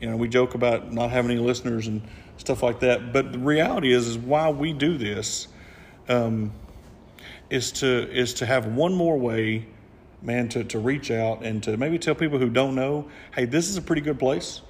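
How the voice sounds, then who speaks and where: Jokey Texan podcast host. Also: male voice, mid-range voice, moderate pace, slight background noise. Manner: jokey, rambling, many restarts. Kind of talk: casual podcast chat. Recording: roomy reverb.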